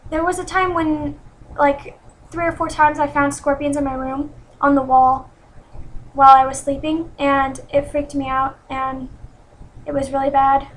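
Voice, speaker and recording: A woman in her twenties telling a personal story in an earnest, self-critical way, with many pauses and restarts. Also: high-pitched, level tone, rough recording. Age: 20s. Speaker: vlogger. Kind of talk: personal confessional vlog.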